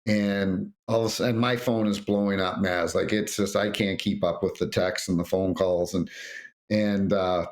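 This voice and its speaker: A middle-aged man, a former referee, telling lively anecdotes in an interview and acting out what others said. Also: low voice, normal speed. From North America. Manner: animated anecdotes, acts out quotes. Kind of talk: storytelling interview.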